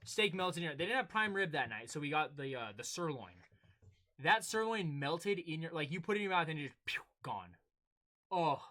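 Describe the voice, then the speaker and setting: Young male co-host, casual chat, animated storyteller, high and bright. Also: normal speed. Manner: animated storytelling, acting out exchanges. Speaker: podcast co-host.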